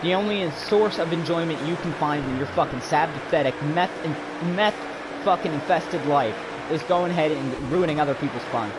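Over heavy background noise, a man with a fairly high voice rages at another player while streaming a racing game. He speaks at normal speed, cursing constantly in a furious rant.

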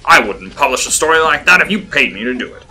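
A man's voice: medium pitch, big pitch swings, fast, sharp tone, slightly rough, voice pushed up, full character voice. A man voicing a wry, sarcastic middle-aged man in a spoken story, with a dry, teasing drawl. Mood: scoffing.

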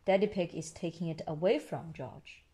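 A woman reading a picture book aloud to a child, pausing to explain the story in simple words. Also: on the low side, slightly rough. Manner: slow, expressive, pauses to explain to a child.

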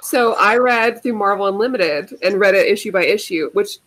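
A woman co-hosting a relaxed podcast, sharing her take in an upbeat, enthusiastic way. She speaks in an ordinary, everyday voice at a middling pitch. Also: moderate pace. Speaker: podcast co-host. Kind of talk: casual chat.

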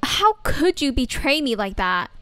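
A woman's voice: high-pitched, big pitch swings, unhurried, sharp tone, dry recording, heavily acted. A woman voicing a whiny, exasperated teenage schoolgirl. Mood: angry. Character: upset teenage schoolgirl, story's main girl.

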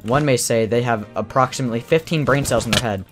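A young gamer casually chatting and teasing a teammate during an online match, breaking into excited yells. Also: mid-range voice, quick pace, music in the background. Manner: teasing, jokey, bursts of excited yelling. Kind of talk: casual gaming chat.

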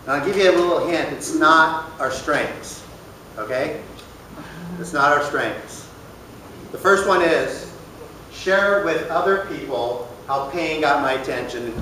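A man's voice: on the high side, slow pace, pushed and bright. A man teaches a church recovery group in a loose, plain-spoken way, checking in with the room as he goes. The sound is very reverberant and distant, with faint room noise underneath. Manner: conversational, plain-spoken, asks the room questions. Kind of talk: casual sermon teaching. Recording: echoey room, voice from far off.

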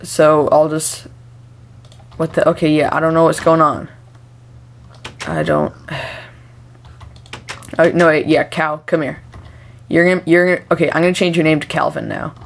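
A young woman talking through a video game as she plays, chatty and excitable, breaking into frantic shouts when startled. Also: low-pitched, measured pace, pauses often, a little hiss or hum. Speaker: gameplay commentator. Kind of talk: let's play commentary.

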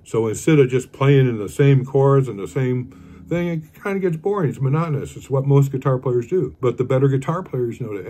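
An older man giving a casual guitar lesson, rambling and counting beats aloud as he plays. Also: mid-range voice. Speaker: guitar teacher.

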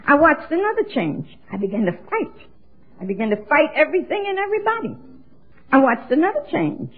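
Older woman in her 70s, husky voice, animated storytelling, dull lo-fi sound. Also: on the high side. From New York. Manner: lively storytelling with exclamations. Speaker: AA speaker. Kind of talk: recovery talk to an audience. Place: auditorium. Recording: dull lo-fi recording.

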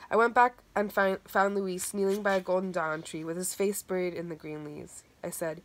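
A woman reading a first-person story aloud at a steady pace, now and then restarting a word. Her voice sits slightly low. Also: normal speed. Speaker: audiobook reader.

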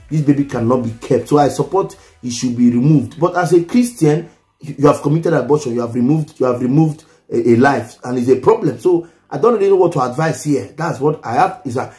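A man's voice: a little high, warm tone. A Nigerian man reading out viewer comments and musing on them in a casual vlog, hesitant, often repeating and restarting words.

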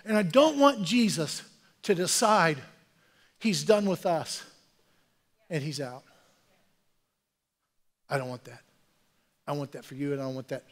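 A man preaching a sermon as pastor in a church, talking earnestly and conversationally, building to forceful exhortation. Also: sits high. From Oklahoma, USA. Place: church sanctuary.

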